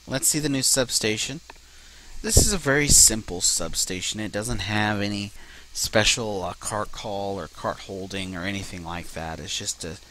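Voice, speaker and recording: Bright-voiced man narrating his gameplay. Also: fairly low pitch, slight background noise. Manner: swears a lot, frustrated outbursts. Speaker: let's play gamer. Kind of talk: casual gameplay commentary.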